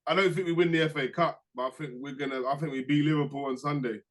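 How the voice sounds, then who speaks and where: A young man, chatting casually as a podcast co-host and telling lively stories in slang. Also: fairly high pitch, fast. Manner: animated storytelling, slangy, laughs through anecdotes. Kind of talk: casual chat.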